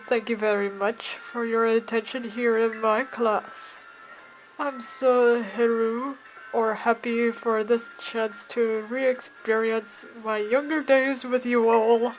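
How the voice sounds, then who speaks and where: Brief: jovial male language teacher, theatrical, foreign words sprinkled in, read by a woman, fairly high, slow delivery. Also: steady tone, soft background music, low-quality recording. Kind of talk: reading game dialogue aloud.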